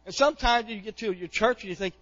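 A middle-aged male pastor preaching a sermon, impassioned, often pushing to near-shouts and repeating words as he goes. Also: sits high, fast talker, highs cut off.

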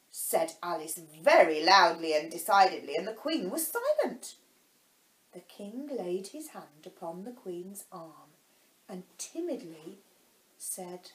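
Woman, teacher, storybook reading for children, slow, lively intonation, echoey room. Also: fairly low pitch. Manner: slow, explains words to children.

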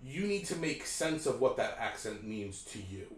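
A man's voice: medium pitch, sing-song, moderate pace, reverberant, a little hiss or hum. A man giving a guitar lesson, explaining patiently, humming melodies and checking in with "right?". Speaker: guitar teacher. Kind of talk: casual lesson talk.

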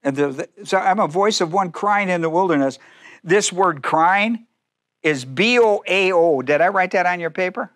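A man's voice: high-pitched, animated, moderate pace, fairly bright tone. A man pastor preaching a sermon, acting out biblical speakers in first person with humor and frequent laughter.

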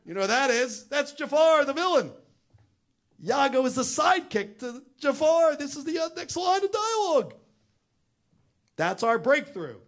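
Animated man telling a family story. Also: very high voice, normal speed. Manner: animated, acts out the voices in his story. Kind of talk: storytelling talk.

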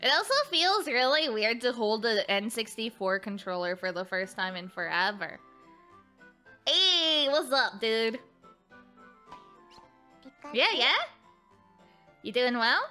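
High bouncy girl streamer voice, giggly, yells at her game, music faint in back. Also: animated, moderate pace. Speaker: VTuber streamer. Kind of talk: casual live-stream gaming chat.

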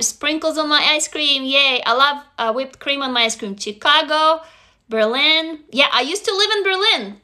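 A woman's voice: sits high, bright, forceful tone. A woman in her forties from Russia with a Russian accent, chatting candidly on a livestream and reading comments aloud. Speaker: livestream host. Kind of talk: casual livestream chat.

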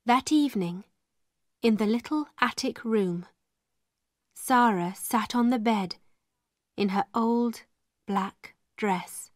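A woman narrating a simple story for English learners in a slow, clear and deliberate way. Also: a little high, no echo, studio quality. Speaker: storybook reader.

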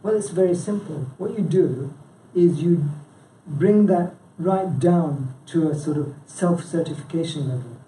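The chairman's dark voice is a little high and a little slow, with few pauses, as he gives a chatty, informal talk to his local branch and quizzes the audience. He interrupts himself often, peppering in "yeah?" and "you know". Captured far from the mic in an echoey meeting room with a live audience, with a little hiss or hum.

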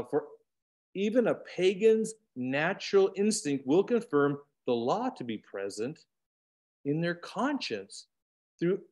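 A man teaching an online Bible study over a video call, animated, swinging between loud emphatic bursts and quiet asides. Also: a little high.

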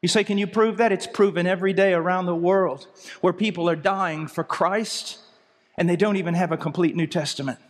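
A man delivers a sermon in a high, urgent voice that climbs to near-shouts and drops to hushed, low lines. The sound carries a long reverb, as from a large church hall. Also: steady tone, a little fast. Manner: impassioned, swinging from soft low asides to raised cries. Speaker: preacher.

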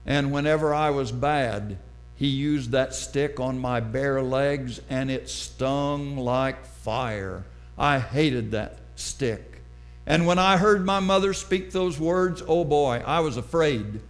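A middle-aged man preaching a sermon, telling a personal story slowly and dramatically. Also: mid-range voice. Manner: slow, deliberate, dramatic storytelling.

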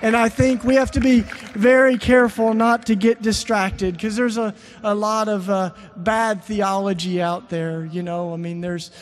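High-voiced man preaching with rising fervor. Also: flat delivery, moderate pace, big-room sound, slight background noise. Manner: storytelling, rising to emphatic preaching. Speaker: speaker. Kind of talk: sermon.

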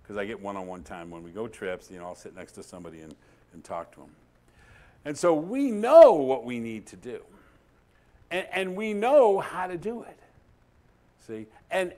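A man preaching a sermon as pastor, telling stories and swinging between loud emphatic lines and soft, hushed ones, sometimes dropping to a near whisper. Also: a little high.

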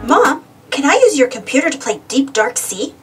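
A woman voicing an eager, excitable young boy in a read-aloud storybook. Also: sits high, normal speed, recorded from a distance, music in the background. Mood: pleading. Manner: pleading and excitable.

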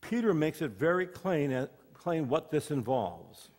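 Sing-song and unhurried, a pastor with a darkish, rather high voice preaches in a church sanctuary where the sound rings with long reverb. His sermon is built on folksy tales and questions put to the congregation.

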